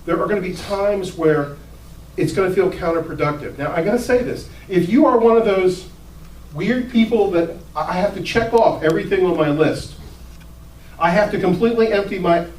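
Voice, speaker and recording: A male pastor preaching in a casual, conversational way, acting out the people in his story. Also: sits high. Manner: casual, conversational, animated with acted-out quotes. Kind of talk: sermon. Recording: roomy hall, distant mic, faint ambience.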